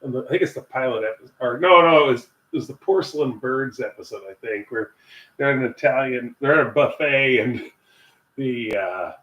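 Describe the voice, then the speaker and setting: A man's voice: mid-range voice, normal speed, a bit bright, distant mic, lo-fi sound. An American man chatting casually while he cooks at home, rambling through asides and chuckling to himself. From United States. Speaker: cooking vlogger and English teacher. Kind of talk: casual cooking livestream chat. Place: home kitchen. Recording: echoey kitchen with faint ambient noise.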